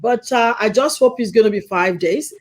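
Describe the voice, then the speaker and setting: A woman's voice: fairly high pitch, moderate pace. Middle-aged lady host just chatting, tells stories, does the voices of people she quotes. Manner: chatty storytelling, acts out quoted lines, laughs often. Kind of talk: casual chat.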